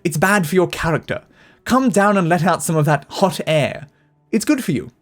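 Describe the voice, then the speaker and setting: A man voicing a wry old male fighter who needles an old friend, with a low, dry delivery. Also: expressive, moderate pace. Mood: teasing.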